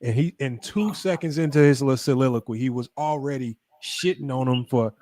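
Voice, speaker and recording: A man's voice: medium pitch, brisk, darkish tone, a little hiss or hum. A young man on a sports panel, telling a story with animation and amusement.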